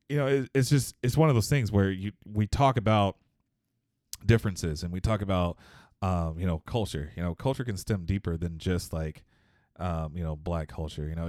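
A man's voice: low voice, a little mellow, no room sound, clean studio sound. A man from Texas, telling a story in a casual podcast chat, rambling with many fillers and restarts.

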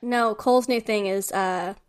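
A woman co-hosting a casual podcast, animated and emphatic as she talks about her kids, with a swear word here and there. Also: mid-range voice, a little slow, clean tone. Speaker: podcast co-host. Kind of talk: casual chat.

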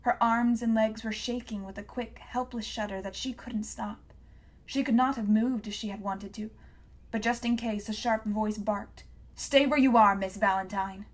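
A woman's voice: fairly high pitch, steady tone, moderate pace. Woman reading a novel aloud. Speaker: audiobook reader. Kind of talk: scripted narration.

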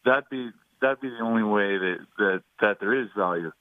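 A man's voice: lowish voice, moderate pace, no room sound. A man on a sports radio show pushes back on his guest, sounding unconvinced. His voice comes through a dry, thin, phone-like line.

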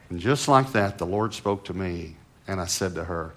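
A middle-aged man with a fairly low voice preaches a sermon. He tells stories in a conversational way, rising to loud, emphatic lines and then dropping to soft, hushed asides. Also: animated, normal speed, a little hiss or hum. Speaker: pastor.

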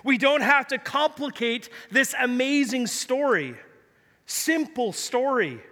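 Male pastor, very high and bright voice, energetic and jokey, long hall reverb. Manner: energetic, jokey storytelling preacher. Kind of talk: sermon.

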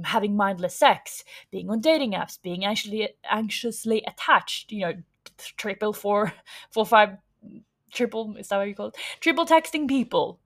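A woman hosting a podcast, talking frankly and casually as a coach, swearing freely and acting out the voices people hear in their heads. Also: a little high. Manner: frank and chatty, swears freely, acts out quoted inner voices. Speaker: podcast host.

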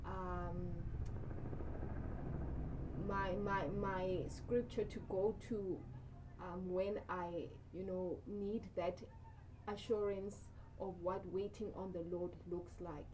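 A woman discussing faith in casual conversation, earnest and measured, often reading scripture aloud. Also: mid-range voice, steady tone, noisy background. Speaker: guest.

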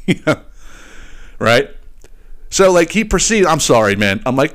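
A man hosting a podcast, telling a story as a casual comic rant, swearing often and keeping his listeners in with quick asides. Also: medium pitch. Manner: profane, animated, keeps asking "right?". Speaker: podcast host.

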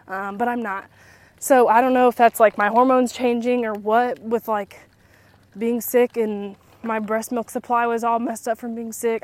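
A woman's voice: a little high, no room sound. A woman in her twenties hosting a casual podcast while walking around her neighborhood outdoors, slightly out of breath, chatty and rambling with lots of fillers. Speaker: podcast host.

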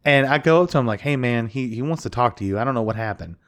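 A man in casual podcast chat, telling a story with lively energy. He acts out each quote and swears freely. His voice sits at a middle pitch. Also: quick pace. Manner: animated, acts out quotes with profanity. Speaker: podcast co-host.

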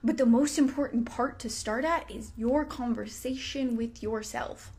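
A woman's voice: fairly high pitch, measured pace, darkish tone, husky. A woman hosting a self-help podcast, talking casually and swearing freely. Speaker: podcast host. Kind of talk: motivational self-help talk.

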